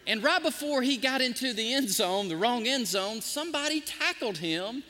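A man pastor preaching a sermon, telling stories in an animated, emotional way. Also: very high-pitched, normal speed, long reverb tail. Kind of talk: sermon with storytelling. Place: church sanctuary.

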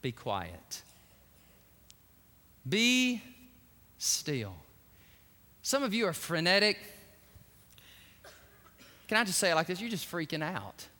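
A man preaching a sermon from a church pulpit, animated and exclamatory, with joking personal asides. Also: sits high, slow, pauses often. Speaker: pastor. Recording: echoey church hall.

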